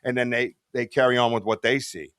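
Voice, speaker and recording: A man's voice: mid-range voice, fairly even intonation, brisk, a bit bright, no room sound. Earnest rambling man, dry close mic. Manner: rambling, earnest, swearing, calls people bro and dude. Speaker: podcast guest, Bigfoot researcher. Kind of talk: casual podcast chat.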